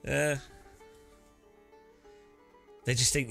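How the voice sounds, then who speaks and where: A man's voice: on the high side, lively intonation, unhurried, gravelly, pauses often, sharp tone, faint music behind. A British man chatting casually while setting up racing gear, rambling with many restarts. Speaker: sim racing streamer.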